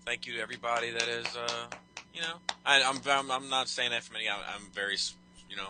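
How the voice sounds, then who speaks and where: A man's voice: mid-range voice, fast, over a noisy crowd, low-quality recording. A man co-hosting a podcast, thanking listeners in a hesitant, humble way with many restarts. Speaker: podcast co-host. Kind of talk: casual chat.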